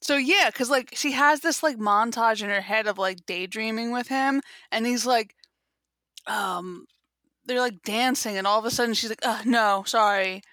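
A woman's voice: on the high side, moderate pace, fairly bright tone, no echo. A young woman co-hosting a casual chat, recapping a show with lots of "like" fillers. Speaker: podcast co-host.

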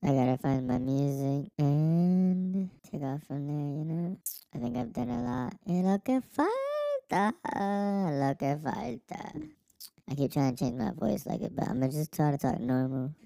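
A woman's voice: on the low side, big pitch swings, moderate pace, creaky, warm tone, no room sound, clean studio sound. A woman joking on a podcast, playfully repeating phrases and mixing Spanish with English. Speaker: podcast host. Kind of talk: casual joking chat.

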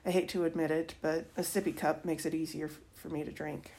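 A woman, a teacher, reading a novel aloud in an expressive first-person voice. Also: deep voice, a little fast.

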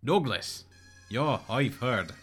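A man's voice: medium pitch, lively intonation, takes it slowly, fairly bright tone, slightly rough, soft background music, full character voice. An actor playing a friendly, gossipy male makeup artist.

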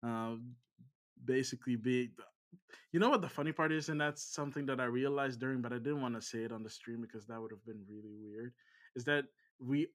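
A man's voice: medium pitch, a little fast. A man co-hosting a casual gaming podcast, talking in a rambling way with frequent ums and restarts. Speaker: podcast co-host.

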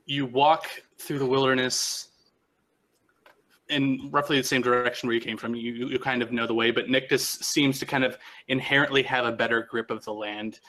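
A man's voice: mid-range voice, flat delivery, moderate pace, pushed and bright. A man narrating as game master of a tabletop game, rambling and restarting often.

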